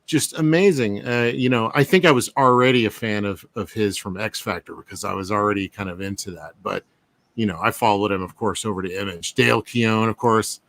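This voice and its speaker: A man's voice: fairly low pitch, brisk, a bit bright, no echo. A man talking as a guest in a casual chat, enthusiastic and full of fillers.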